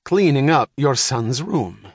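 A man's voice: medium pitch, big pitch swings, a little slow, no echo. A fussy middle-aged mother with a stern, clipped delivery, as a male audiobook narrator puts her on. She speaks formally and precisely, with no contractions. The sound is dry and close.

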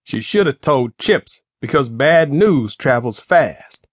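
A man voicing a cocky, scheming teenage street boy who talks quick and pushy. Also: medium pitch, animated, dry recording. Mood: urgent.

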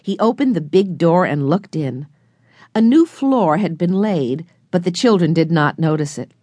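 A woman reads a children's storybook aloud with clear, expressive storytelling. Her voice sits on the low side but moves through a wide, lively range. It is recorded close to the mic, dry and without any room sound. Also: measured pace, no room sound. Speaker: audiobook narrator. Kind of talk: scripted narration of a children's book.

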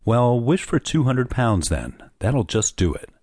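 A man's voice: medium pitch, very animated, a little slow, a little mellow, no echo, studio quality, voice pushed up. A man voicing a cheeky, joking young son. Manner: playful and mocking.

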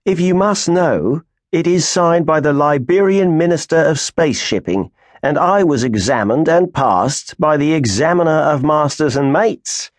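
A man voicing a gruff, proud male starship captain who answers stiffly. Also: a little high, lively intonation, unhurried, no room sound, clean studio sound, pitched above the performer's own voice. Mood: smug. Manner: stiff, growling, then smug.

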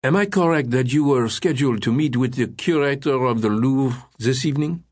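A man voicing a curt French police lieutenant with a French accent and a sharp, authoritative bark. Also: medium pitch, moderate pace, voice pushed up, lightly acted. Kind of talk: audiobook character voice.

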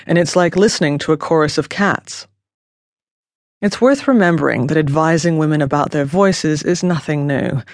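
A woman reads her own nonfiction audiobook in a steady, measured way. She is recorded on a close studio mic in a dead-dry booth with no room sound at all. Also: low-pitched, no room sound. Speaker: author narrating her own book.

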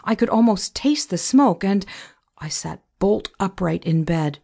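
A woman reading a novel aloud in measured, scripted first-person narration. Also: mid-range voice, expressive, creaky, warm tone. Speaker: audiobook narrator.

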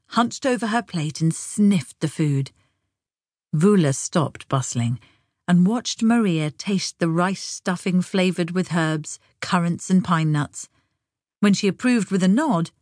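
A woman narrating a novel in a measured, unhurried storytelling manner. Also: on the low side, expressive, a little mellow, no echo, studio quality. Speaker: audiobook narrator. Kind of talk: scripted narration.

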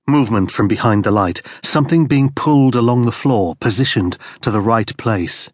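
A man reading a crime thriller audiobook as narrator, in steady, grim storytelling. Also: lowish voice, moderate pace, few pauses, slightly rough, no room sound, clean studio sound. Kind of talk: scripted narration.

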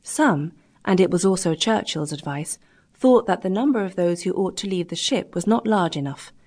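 A woman narrating a classic adventure story in a measured, dramatic reading. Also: on the low side, animated, a little mellow. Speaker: audiobook narrator. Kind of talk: scripted narration.

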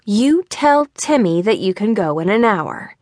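A woman's voice: medium pitch, very animated, unhurried, darkish tone, no echo, clean studio sound. A woman voicing a firm mother scolding her son about chores. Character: firm mother calling from indoors.

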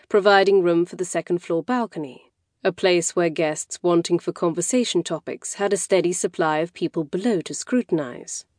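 A woman narrating a young-adult novel in the first person, in a wry, measured storytelling manner. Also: fairly low pitch, a little mellow, dry recording, clean studio sound. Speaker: audiobook narrator. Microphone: close studio mic.

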